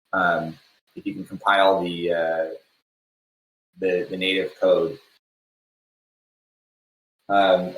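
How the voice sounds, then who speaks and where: A man giving a conference tech talk, halting with many fillers and restarts. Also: fairly low pitch, a bit bright, roomy sound, rough recording. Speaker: conference speaker. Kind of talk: technical talk, loosely spoken.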